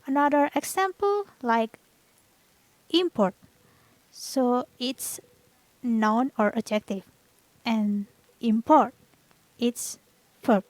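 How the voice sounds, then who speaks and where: Slow, higher-voiced young woman presenting. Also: animated, darkish tone, no room sound, low-quality recording. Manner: slow, explains by repeating each example word. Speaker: student presenter. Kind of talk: class presentation.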